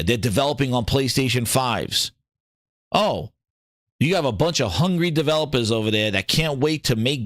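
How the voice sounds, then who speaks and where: A man hosting a gaming show, talking in casual, opinionated commentary. He swears freely, mocks other people in put-on voices and gets excited as he reads. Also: mid-range voice, dry recording, clean studio sound. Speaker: gaming podcast host.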